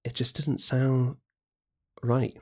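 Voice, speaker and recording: A man co-hosting a podcast in casual chat, chatty and quick to agree, often restarting his sentences. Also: medium pitch, flat delivery, dark tone. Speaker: podcast co-host.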